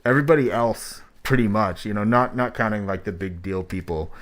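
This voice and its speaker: A man's voice: on the low side, brisk. A man hosting track reviews in casual spoken critique, talking in a blunt, rambling, profane way, his voice muffled by a mask. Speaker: host reviewing rap tracks.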